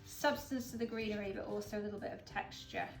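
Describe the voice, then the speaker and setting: This English woman runs a relaxed flower-arranging demo as a florist host, talking in a chatty, upbeat manner full of fillers. Her pitch is medium, her intonation fairly even, and her pace quick. The recording has a roomy echo, a distant mic, and soft music in the background.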